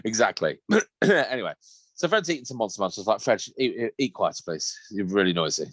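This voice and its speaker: A man co-hosting a casual podcast, swearing freely and laughing through his stories. His voice sits fairly low but jumps around a lot. The sound is close and dry. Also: a little fast, breathy edge, no echo. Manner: sweary, laughing, animated storytelling. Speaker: podcast co-host. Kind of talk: casual chat.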